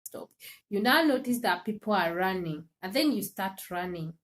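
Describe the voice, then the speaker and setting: A woman's voice: medium pitch, animated, moderate pace. A woman hosting a livestream, chatting casually and animatedly, laughing often and speaking directly to her viewers. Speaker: livestream host.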